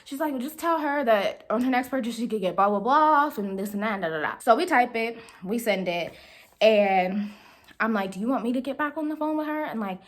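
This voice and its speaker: Animated young woman telling a story. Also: on the high side, fairly quick. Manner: animated, chatty, addresses viewers as y'all. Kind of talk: casual storytelling to camera.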